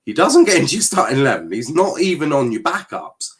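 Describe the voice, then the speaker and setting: A man calls a football match live for his stream, breaking off to answer chat messages. His pitch sits mid-range but swings a lot, and he talks in a loose, blunt, sweary way. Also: fairly quick. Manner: animated, sweary, reacts to play and chat messages. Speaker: watchalong streamer host.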